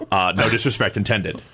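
Podcast co-host, male, upstate New York, low-ish voice, loose rambling talker. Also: animated, moderate pace, bright, forceful tone, husky. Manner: rambling, laughing, full of fillers. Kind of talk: casual chat.

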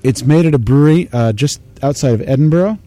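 Male host, warm mellow tone, knowledgeable and chatty about beer, loose and rambling. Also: medium pitch, a little fast, no room sound. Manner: knowledgeable, explanatory, rambling with fillers. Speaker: beer tasting show host. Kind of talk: casual beer tasting chat.

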